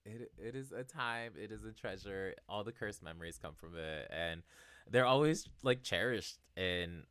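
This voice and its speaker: A young man chatting casually as a podcast co-host, an animated storyteller who acts out quotes and laughs often. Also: fairly low pitch, normal speed, smooth, dry recording. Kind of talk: casual chat.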